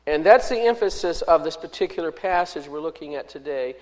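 A man preaching an expository sermon as pastor, measured and emphatic, stressing and repeating key words. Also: a little high, animated, a little mellow, rough recording.

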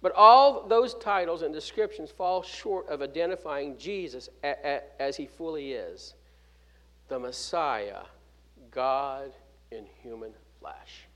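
A man preaching a sermon, stressing key words and dropping from loud to hushed, with restarts and 'uh' fillers. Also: fairly high pitch, expressive, slow pace. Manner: emphatic preaching with sharp swings from loud to hushed; fills gaps with 'uh' and restarts words mid-phrase. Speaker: pastor.

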